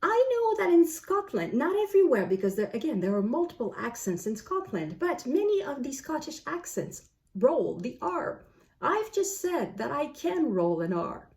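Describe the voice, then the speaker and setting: A woman's voice: sits high, very animated, moderate pace, a little mellow. A woman whose first language is French, talking to camera as a book vlogger, musing aloud and asking herself questions. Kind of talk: casual talk to camera.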